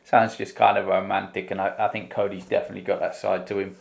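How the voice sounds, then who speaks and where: A man's voice: sits low, little pitch movement, fast, creaky. A man from the UK talking casually and enthusiastically as he reacts to a song and goes through its lyrics, with lots of fillers. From United Kingdom. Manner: enthusiastic, rambling, many fillers. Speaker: music reaction host.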